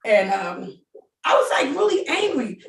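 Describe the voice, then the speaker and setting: Animated storytelling woman in an echoey room. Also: fairly high pitch, a little slow, far from the mic, a little hiss or hum. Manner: animated, laughing, quoting others in voices. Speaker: guest telling her relationship story. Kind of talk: casual storytelling.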